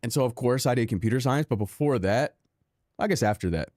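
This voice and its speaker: A man's voice: medium pitch, expressive, fairly quick, a little mellow, no room sound, studio quality. A young man streaming a racing game, chatting with his viewers in a sarcastic, self-deprecating, rambling way. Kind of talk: casual live-stream chat while gaming.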